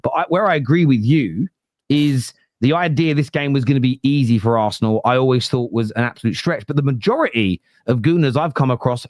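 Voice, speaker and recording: A man hosting a football podcast, cutting in forcefully and swearing while he argues his point. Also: medium pitch, no room sound. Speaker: podcast host. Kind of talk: heated football podcast debate.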